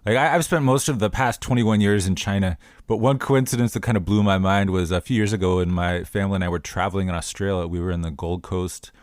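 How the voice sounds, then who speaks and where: A man's voice: low voice, fast talker, hardly any pauses, no room sound, clean studio sound. A man co-hosting a podcast, talking in an easygoing, enthusiastic way. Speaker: podcast co-host. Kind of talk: casual conversation.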